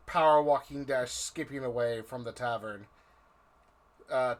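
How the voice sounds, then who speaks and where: A man narrating as game master of a tabletop game, drawing out his descriptions. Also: mid-range voice. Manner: slow, drawn-out, vivid description.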